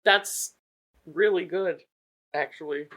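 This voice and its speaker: A woman's voice: fairly low pitch, slow, a bit bright, a little hiss or hum. A woman co-hosting a casual podcast chat, playful and jokey, blurting in. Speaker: podcast co-host.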